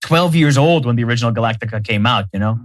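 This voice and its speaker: A man co-hosting a podcast, chatting casually in an animated way, full of fillers and restarts. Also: mid-range voice, fast, no room sound. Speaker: podcast co-host. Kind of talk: casual chat.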